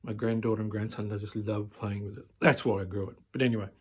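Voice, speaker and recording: A man, telling stand-up stories in an animated way that climbs almost to shouting. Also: lowish voice, fast, breathy edge. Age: 40s. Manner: animated, rising to near-shouting at the punchlines. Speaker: stand-up comedian. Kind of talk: stand-up storytelling.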